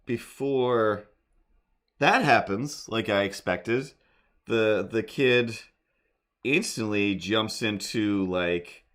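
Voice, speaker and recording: A middle-aged man telling a rambling story on a live stream while drawing, breaking into silly made-up jingles. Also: lowish voice. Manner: rambling, animated, sings silly improvised jingles. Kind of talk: casual livestream storytelling.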